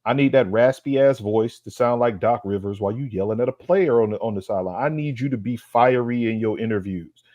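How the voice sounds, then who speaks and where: A man's voice: mid-range voice, fairly quick, few pauses, dry recording, lo-fi sound. A man co-hosting a sports podcast, ranting in a fired-up, profane way, full of streetwise slang and repeated lines for emphasis. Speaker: podcast co-host. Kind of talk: heated sports roast rant.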